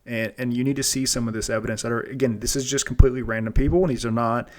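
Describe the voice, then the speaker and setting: A man's voice: medium pitch, steady tone, racing. A man hosting a casual monologue show, rambling and earnest, often restarting and repeating words. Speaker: podcast host.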